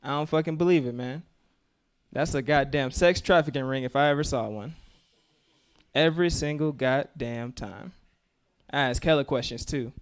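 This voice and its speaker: A man's voice: mid-range voice, moderate pace, clean tone. A man doing a stand-up comedy set with a profane, laid-back delivery.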